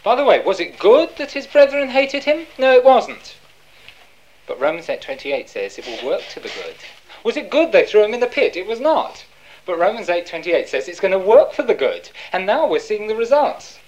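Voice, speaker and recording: A woman's voice: medium pitch, sing-song, moderate pace, a little mellow, dull audio. A woman preaching a sermon, asking rhetorical questions and answering them herself.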